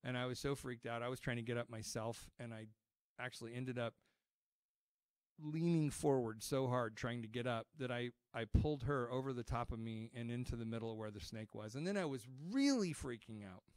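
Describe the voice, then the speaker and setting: A man's voice: mid-range voice, fairly quick, a little mellow, clean tone, no room sound, clean studio sound. A middle-aged man preaching a sermon as pastor, telling stories in a conversational way with frequent restarts.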